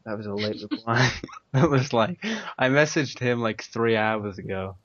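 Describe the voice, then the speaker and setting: A man's voice: mid-range voice, a little slow, fairly bright tone, no echo. A man with an English accent hosting a casual podcast chat, rambling and laughing often. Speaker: podcast host. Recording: dry, dull lo-fi mic.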